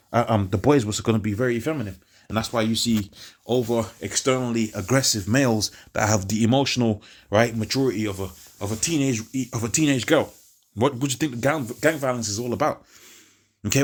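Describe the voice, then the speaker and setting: Rambling, preachy man ranting on video. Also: medium pitch. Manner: rambling, repeats words and restarts, chuckles between points; preachy, quotes scripture. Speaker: video host. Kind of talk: casual monologue rant.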